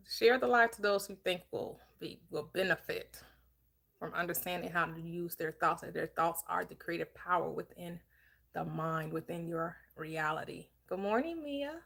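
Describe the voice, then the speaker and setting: A woman hosting a live-streamed book club, upbeat and chatty, greeting viewers with quick repeated words. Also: fairly low pitch, creaky, a bit bright. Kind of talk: live-stream chat and discussion.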